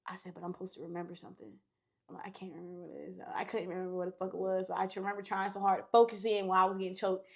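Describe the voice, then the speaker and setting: A woman's voice: medium pitch, little pitch movement, rapid-fire, creaky. A young woman, a podcast guest, telling a story in casual chat, candid and profane, acting out what people said.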